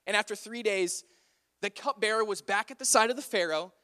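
A man's voice: high-pitched, a little fast, bright, forceful tone. A young man retelling a Bible story in a chatty, playful way, often saying "like".

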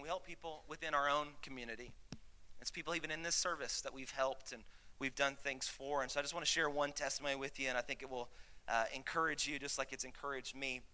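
A man's voice: on the high side, bright, forceful tone. A man preaching a sermon to his church, chatty with laughing asides, building to emphatic points. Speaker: pastor. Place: church sanctuary.

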